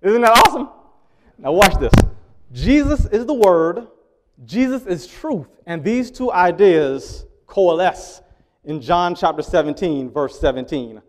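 Guy preaching to his church, kinda high voice, chatty, keeps asking the crowd stuff, goes loud then soft. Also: lively intonation, measured pace. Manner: conversational, asks the congregation questions; swings between loud emphasis and quiet asides. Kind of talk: sermon.

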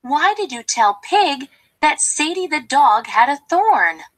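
A woman voicing a fussy, gossiping female hen in a storybook with a shrill, indignant voice. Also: big pitch swings, slow, exaggerated voice.

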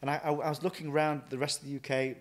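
A man, a chef and restaurant owner, telling stories from his career in a lively way, often acting out what he thought and said. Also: a little high, racing. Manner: lively anecdotal, quotes himself often. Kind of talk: casual interview storytelling.

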